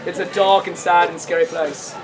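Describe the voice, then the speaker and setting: A man with a very high voice narrates a comedy show with a teasing, playful manner and sudden shouted outbursts. He is recorded outdoors over a loud crowd and heavy background noise. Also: flat delivery, moderate pace. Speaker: street theatre performer. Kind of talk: comic narration of an audience-participation show. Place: outdoor festival stage.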